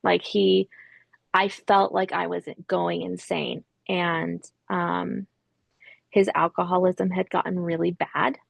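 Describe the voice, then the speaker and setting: A woman in her thirties tells a difficult personal story as a podcast guest. Her voice is lowish and heavily gravelly with vocal fry, and she hesitates often, restarting sentences and sometimes sinking to a whisper. The sound is dry and close. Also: level tone, slow, no echo. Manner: hesitant, many restarts and ums, drops to a whisper at hard moments. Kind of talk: interview storytelling.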